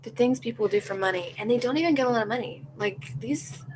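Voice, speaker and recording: Young woman podcaster ranting casually, kinda high voice, quotes people in animated little bits. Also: fast, noisy background. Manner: candid, opinionated, animated quoting of others. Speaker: podcast host. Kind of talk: casual chat reacting to live comments.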